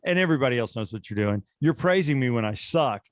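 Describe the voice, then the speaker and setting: A man's voice: medium pitch, lively intonation, fast, no echo, studio quality. A man co-hosting a podcast, joking around and rambling in a casual chat. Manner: joking, self-deprecating, rambling. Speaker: podcast co-host.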